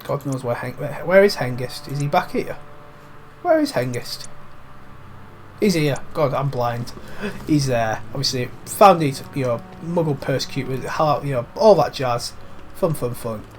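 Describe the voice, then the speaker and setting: A man's voice: mid-range voice, normal speed, a little hiss or hum. Chatty man commenting on gameplay. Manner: chatty, swears freely, calls things 'mate'. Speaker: gaming commentator. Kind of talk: casual let's-play commentary.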